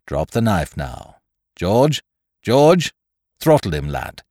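A cool-headed pirate captain barking brisk orders, as a man reads him out in a storybook. The voice sits low but swings widely in pitch. It is recorded dry and close, with no room sound. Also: wildly swooping pitch, warm tone, no room sound, heavily acted. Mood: commanding.

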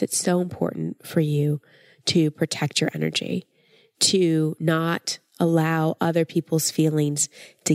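A woman's voice: low voice, a little mellow, no room sound, studio quality. A woman hosting a podcast, giving earnest, encouraging advice to listeners while a cold leaves her voice stuffy and nasal. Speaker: podcast host and life coach.

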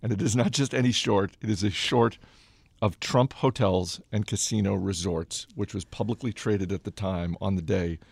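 A man hosting a podcast, leading a relaxed conversational interview and telling stories with acted-out quotes. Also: on the low side, moderate pace, creaky, slightly rough, no room sound. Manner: relaxed storyteller who acts out quoted voices. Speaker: podcast host.

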